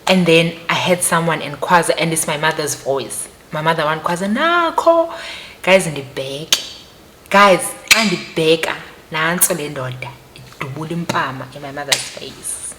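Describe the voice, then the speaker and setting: A woman's voice: sits low, normal speed, background noise. A young woman with a South African accent telling a personal story to her viewers, emphatic and repetitive as she talks straight to them. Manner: animated, emphatic, repeats phrases, addresses viewers directly. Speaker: vlogger.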